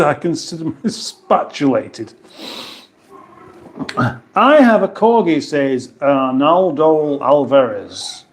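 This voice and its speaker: A man's voice: on the high side, sing-song, slow, pauses often. A man with an English accent hosting a casual live stream from his kitchen, reading viewer comments aloud with dry, playful banter. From England. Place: home kitchen.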